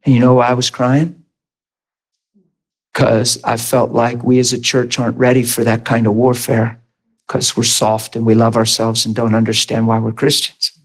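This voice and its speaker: Man, middle-aged pastor, emphatic sermon, fervent, average pitch. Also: monotone, normal speed. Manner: fervent, emphatic, laughs between points. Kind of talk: sermon testimony.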